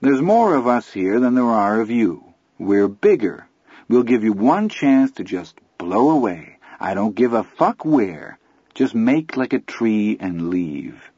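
A man voicing a cocky teenage gang leader who speaks with calm, patient menace. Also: on the low side, slow, breathy edge, dry recording, heavily acted. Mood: coolly menacing. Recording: dull lo-fi audiobook recording.

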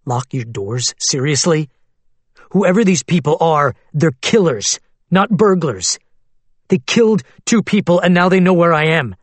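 An anxious man on the run speaks low and hushed, voiced by a male narrator. His voice is husky and tense. The recording is dry and close. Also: lively intonation, measured pace, dry recording.

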